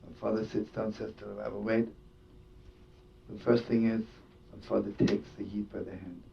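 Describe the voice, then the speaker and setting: A man's voice: normal speed, creaky. Man telling a story in a far, muffled recording. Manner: animated storytelling with Yiddish words and laughter. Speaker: rabbi and storyteller. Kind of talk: storytelling sermon. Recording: distant dull lo-fi recording with faint rumble.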